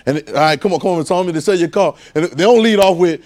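A man preaching a conversational sermon, animated and repetitive, firing rhetorical questions at his congregation. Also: high-pitched, quick pace, hardly any pauses.

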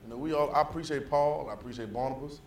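A man preaching a sermon, talking casually to the congregation, repeating himself and building to loud fervor. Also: on the high side, quick pace, reverberant, a little hiss or hum. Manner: casual, repetitive restarts.

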